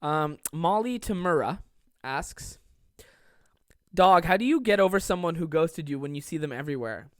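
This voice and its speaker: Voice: mid-range voice, lively intonation, moderate pace, no room sound, studio quality. A young adult podcast host giving casual, sarcastic, profanity-laced advice to listener questions from a home desk.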